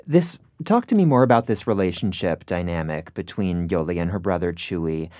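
A man hosting an interview, asking measured, curious questions. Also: low-pitched, a little mellow, dry recording. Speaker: interviewer host. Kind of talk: radio-style interview.

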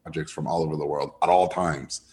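A man, a filmmaker guest telling an animated anecdote and jumping high in pitch when he quotes others. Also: brisk. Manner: lively storyteller, jumps high when quoting others.

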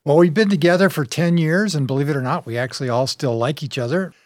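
A man chats in a relaxed way about his band, talking quickly. His voice is mid-pitched and sounds dry and close. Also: dry recording. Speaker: band member. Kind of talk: interview answer.

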